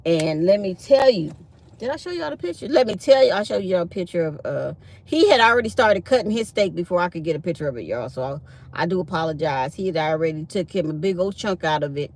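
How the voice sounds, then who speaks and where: A woman's voice: fairly low pitch, fast. A middle-aged woman tells a story to her live-stream viewers in a casual, chatty way. She acts out both sides of a conversation with plenty of life. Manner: chatty, animated retelling of dialogue, reads chat aloud.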